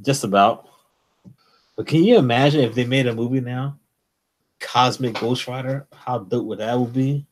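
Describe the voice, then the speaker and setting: A man co-hosting a casual comics livestream, excited and enthusiastic as he chats. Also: mid-range voice, normal speed, pauses often, slight background noise. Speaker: co-host.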